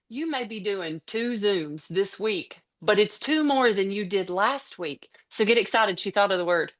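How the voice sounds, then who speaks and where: A woman giving an energetic motivational training talk to her team, excitable and chatty, sometimes out of breath from excitement. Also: mid-range voice, unhurried. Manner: chatty, with casual slips and restarts. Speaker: team trainer on a business call.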